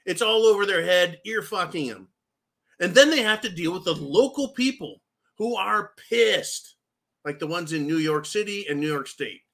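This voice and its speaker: Man, high voice, vehement, swearing, political rant, commentary host. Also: lively intonation, moderate pace, gravelly, a bit bright. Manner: vehement, swearing, keeps addressing "folks".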